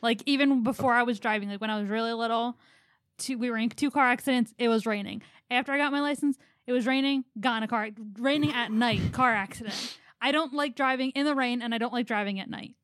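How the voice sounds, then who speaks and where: A woman's voice: on the high side, fast talker, a bit bright, no room sound, clean studio sound. Chatty woman co-hosting a podcast. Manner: chatty storytelling with many "like" fillers. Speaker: podcast co-host. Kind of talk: casual podcast chat.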